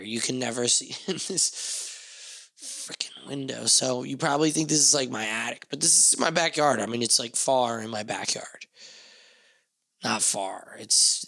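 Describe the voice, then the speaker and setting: A man with a New Jersey accent rambles through a casual solo podcast, swearing and joking as he drifts between topics. His voice sits at an ordinary pitch and sounds dry and close, recorded in a small backyard shed. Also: gravelly, sharp tone, no echo. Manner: rambling, profane, joking asides. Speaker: podcast host.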